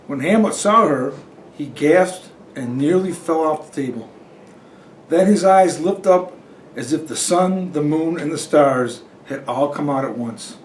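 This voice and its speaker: A man reads a children's storybook aloud at an unhurried pace. His voice sits a little high and sounds roomy and a bit distant from the mic. A faint noise runs underneath.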